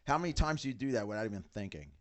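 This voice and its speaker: A middle-aged man in casual podcast chat, an animated storyteller who acts out what others said. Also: on the low side, very fast, no room sound. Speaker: band member, father of bandmates.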